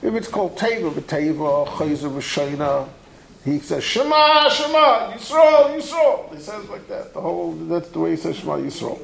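A man's voice: fairly high pitch, normal speed, vocal fry, crowd noise, rough recording. A man giving a Talmud study lecture, talking animatedly and conversationally as the teacher. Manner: animated, conversational, acts out the texts he quotes.

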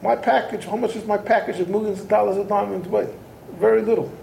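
A rabbi putting on an exasperated middle-aged diamond merchant in a told story, his voice gravelly and mellow. It sounds through a roomy, echoing space. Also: high-pitched, fairly even intonation, fast, slight background noise. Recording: roomy echo.

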